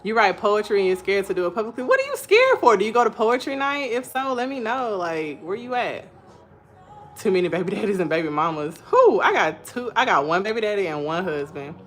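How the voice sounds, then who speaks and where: A young woman hosting a casual live stream. She reads viewers' comments aloud and tells stories in an animated way, laughing often. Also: mid-range voice, brisk, faint music behind.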